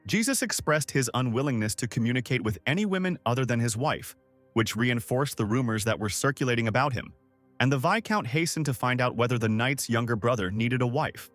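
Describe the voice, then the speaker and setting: A man narrating a scripted story recap in a steady storytelling manner, reading the quoted lines without doing voices. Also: mid-range voice, brisk, dry recording, faint music behind.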